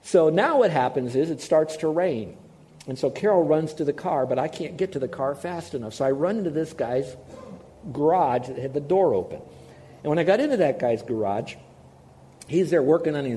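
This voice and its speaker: Mellow-voiced man preaching a sermon. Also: on the high side, animated, fairly quick. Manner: conversational storytelling, asks the audience questions. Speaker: pastor.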